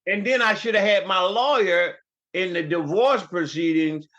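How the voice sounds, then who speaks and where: High-voiced New York man in his fifties. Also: normal speed, fairly bright tone, muffled recording. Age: 50s. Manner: storytelling, rambling with many restarts. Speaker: guest. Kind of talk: casual chat.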